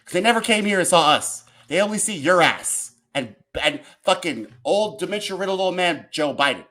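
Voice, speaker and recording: A man hosting a casual political talk show, ranting in an animated, profane way. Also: high-pitched, normal speed. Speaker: podcast host.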